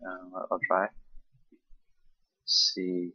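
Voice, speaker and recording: A deep-voiced man with a South Carolina Southern accent who rambles casually, swearing freely and filling gaps with ums. His voice is low yet bright and forward, with a husky edge from tiredness and coughing. The recording is dry and muffled, like a lo-fi home mic. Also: steady tone, slow pace, long pauses, dry recording. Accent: South Carolina Southern American. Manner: loose and profane, with frequent ums and restarts. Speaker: vlogger doing an accent tag.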